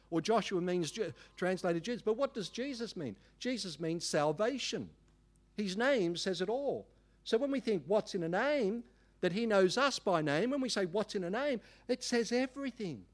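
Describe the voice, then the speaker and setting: A middle-aged man, preaching a sermon in an emphatic, animated way with folksy asides. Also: high voice. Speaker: pastor.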